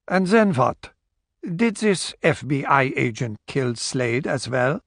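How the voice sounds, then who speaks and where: A man doing a calm, coolly menacing killer. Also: medium pitch, vocal fry, dry recording, clean studio sound, full character voice. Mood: probing. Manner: slow, quiet, coolly menacing. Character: cold, calm male interrogator and killer.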